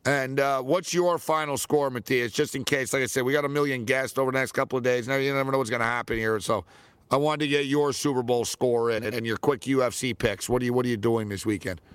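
A man hosting a sports talk show, telling stories in a casual, animated way and laughing often. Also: mid-range voice, fast, clear, resonant tone, no echo. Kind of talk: casual storytelling chat.

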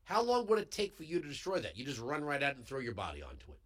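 A male talk show host delivering a heated political commentary monologue into a studio microphone, emphatic and building to yells. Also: medium pitch, huge pitch swings, quick pace. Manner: heated, emphatic, swings into yelling. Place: radio studio. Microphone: studio broadcast microphone.

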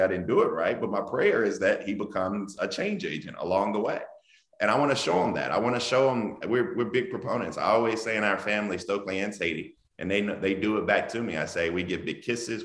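A very deep-voiced man speaks as a guest on a video call. He talks in an animated, emphatic way and laughs often. His voice rings around a noticeably echoey room. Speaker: guest author. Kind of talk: casual interview over video call.

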